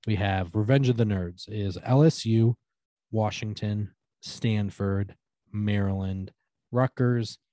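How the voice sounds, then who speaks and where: A man with a fairly low voice co-hosts a casual sports podcast. He sounds laid-back and reads out long lists of teams, his voice trailing off at the end of each one. The recording is dry and close. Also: slow, dark tone, dry recording. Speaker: podcast co-host.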